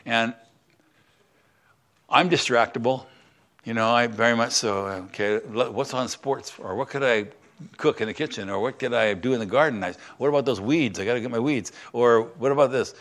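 A man's voice: mid-range voice, normal speed, fairly bright tone. An older man from the United States, a semi-retired pastor, giving a conversational Bible lesson and asking the congregation questions. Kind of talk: sermon.

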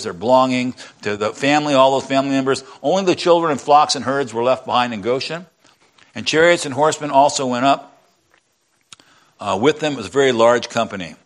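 Middle-aged male pastor, mid-pitched, easy conversational sermon delivery, reads scripture then explains it. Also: fairly bright tone. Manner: conversational Bible teaching, reads scripture aloud then applies it.

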